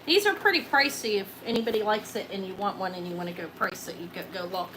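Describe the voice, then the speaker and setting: A middle-aged woman running a live jewelry auction, chatting excitably and counting down each sale. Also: medium pitch, quick pace, slight background noise, low-quality recording. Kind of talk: live-stream sales chat.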